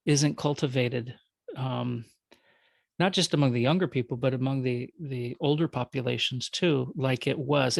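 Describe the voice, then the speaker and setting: Speaking with a Minnesota accent, a male guest chats casually in a conversational interview, rambling, correcting himself and joking. His mid-range voice is gravelly, and there's no room sound.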